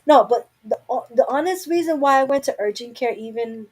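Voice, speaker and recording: A woman's voice: high-pitched, fairly quick, darkish tone, husky, low-quality recording. A young adult woman hosting a casual live chat from home, talking candidly and rambling to her viewers through a webcam mic. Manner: candid, rambling, talks to herself. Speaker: live stream host.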